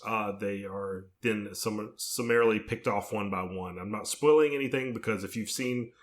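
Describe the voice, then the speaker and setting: Male podcast co-host, lower pitch, steady methodical review delivery. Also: moderate pace. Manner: steady, methodical plot summaries. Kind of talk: casual film review chat.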